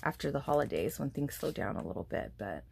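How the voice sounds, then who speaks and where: A young woman with an extremely low, gravelly, husky voice vlogs fairly quickly while unboxing craft gifts. She gushes casually, uses lots of fillers, and is moved to happy tears, with steady background noise throughout.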